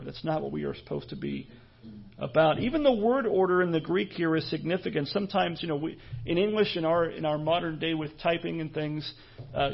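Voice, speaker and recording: A pastor preaching a sermon in an earnest, measured way, pausing and restarting as he goes. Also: fairly high pitch, vocal fry, husky, lo-fi sound.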